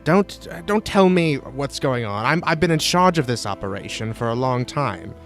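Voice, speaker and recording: A man's voice: medium pitch, lively intonation, a little slow, soft background music, voice pushed up, natural voice. A man voicing an irritable, impatient woman commander who complains and swears. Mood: irritated.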